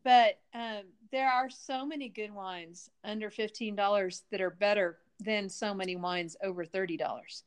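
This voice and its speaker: A woman's voice: medium pitch, moderate pace, hardly any pauses, clear, resonant tone. A middle-aged woman hosting a podcast, chatting casually and enthusiastically. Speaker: podcast host. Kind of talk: casual chat.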